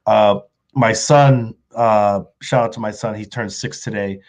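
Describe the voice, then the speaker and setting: A man's voice: lowish voice, fairly even intonation, a little slow, a little mellow. A man from the Bronx who is a guest on a casual podcast chat, rambling, correcting himself and laughing often. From the Bronx, New York.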